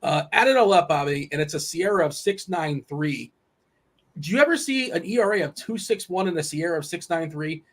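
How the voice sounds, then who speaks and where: A man's voice: on the high side, lively intonation, fairly quick. A man hosting a casual sports betting chat, teasing his co-hosts and rattling off team lineups. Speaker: host.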